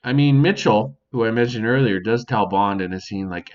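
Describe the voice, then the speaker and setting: A podcast host with a lowish voice talks a little slowly, leaving long pauses, in a casual solo show recorded at home near a sink. He swears freely and addresses an imagined audience. The high frequencies are cut off.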